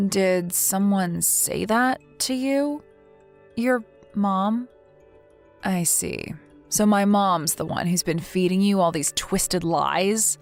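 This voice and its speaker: A woman's voice: mid-range voice, slow pace, soft background music. A woman voicing a text story, earnest, indignant and protective in tone.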